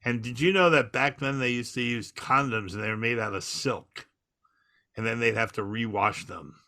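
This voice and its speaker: A man chats on a podcast, piling up "like" as he winds through a long anecdote. His voice is bright and forward. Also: medium pitch, moderate pace. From Long Island, New York. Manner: rambling anecdotes with filler "like". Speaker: podcast co-host. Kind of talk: casual chat, storytelling.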